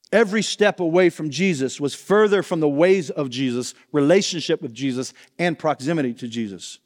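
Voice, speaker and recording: Man, pastor, sermon, earnest, direct questions, high voice, long hall reverb. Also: darkish tone.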